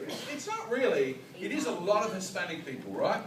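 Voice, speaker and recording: A high-pitched Australian man doing stand-up on a club stage, his voice swooping up and down as he rambles through his stories. He is picked up from some distance in a roomy space, and a packed crowd roars with laughter around him. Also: fast. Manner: animated, rambling, heavy use of "like". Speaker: stand-up comedian. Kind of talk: live stand-up storytelling. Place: comedy club bar stage. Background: loud audience laughter and crowd noise.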